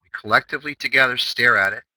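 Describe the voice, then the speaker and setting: The day-trading host's medium-pitched voice sounds pushed and bright as he recaps a recorded session at a quick pace. Brash, emphatic, and full of rhetorical questions, he comes through on low-quality audio without any echo.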